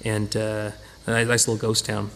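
A man leading an informal Bible study, talking conversationally with lively acted-out asides and frequent restarts. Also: on the low side, normal speed, vocal fry, a little hiss or hum. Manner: conversational, animated, acts out quoted voices, many restarts.

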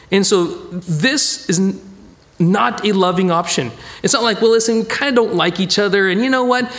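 Guy preaching, middle-aged, high voice that jumps all over, acts out quotes casually. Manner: animated, conversational preaching with acted-out quotes. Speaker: pastor teaching a Bible study. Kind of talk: sermon.

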